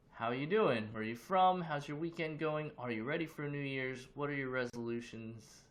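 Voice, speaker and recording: A man's voice: mid-range voice, normal speed. Loose, chatty man hosting a livestream. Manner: loose, chatty, greets viewers with questions. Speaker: livestream host. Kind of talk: casual livestream chat. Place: his own room.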